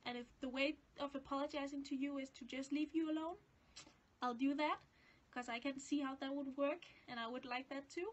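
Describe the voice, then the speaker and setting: A teenage girl from Denmark with a high, light voice tells a story to camera in casual English. She speaks it as a second language. Her chatty, rambling way of talking pokes fun at herself. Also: steady tone, a little fast, muffled recording. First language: Danish. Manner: chatty, self-deprecating, rambling. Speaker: vlogger.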